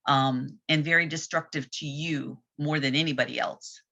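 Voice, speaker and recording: Low, bright-toned candid woman. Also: fairly even intonation, moderate pace, vocal fry. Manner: candid, reflective, plain-spoken. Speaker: group discussion participant. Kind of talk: casual group chat. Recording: dull lo-fi audio.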